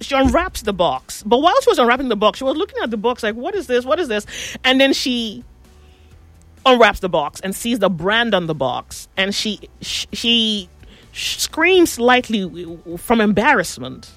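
Animated woman telling gossip stories. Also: fairly high pitch, normal speed, no echo, faint music behind. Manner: animated gossipy storyteller, acts out quotes. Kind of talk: casual chat, storytelling.

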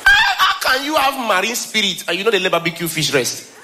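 A man with a Nigerian accent performing a stand-up comedy special on stage, animated, slipping between Pidgin and English and laughing often. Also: high-pitched, fairly quick, noisy background. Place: stage before live audience.

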